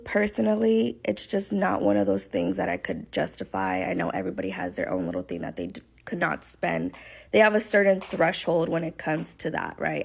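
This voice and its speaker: A woman's voice: medium pitch, vocal fry, breathy edge. A woman speaking frankly and with exasperation about spending, in an opinionated social media monologue.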